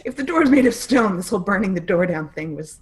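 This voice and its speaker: A woman playing a tabletop game, chatting casually with a dry, joking manner. Her voice sits at a middling pitch. She talks through plans in an easy, loose way. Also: lively intonation, fast talker, slightly rough, rough recording. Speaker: player.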